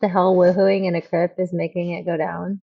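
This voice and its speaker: Chatty woman streamer with vocal fry. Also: lowish voice, level tone, normal speed, dull audio. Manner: chatty, rambling with fillers. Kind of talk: casual gameplay commentary.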